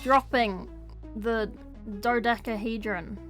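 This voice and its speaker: A woman's voice: fairly high pitch, slow pace, a bit bright, soft background music. A woman casually reading a novel aloud, with playful, chatty asides. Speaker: book reader.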